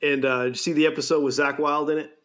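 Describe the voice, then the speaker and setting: A man's voice: fairly high pitch, level tone, fast, a bit bright. A man hosting a podcast, chatting casually and laughing at his own jokes. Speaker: podcast host. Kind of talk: casual chat.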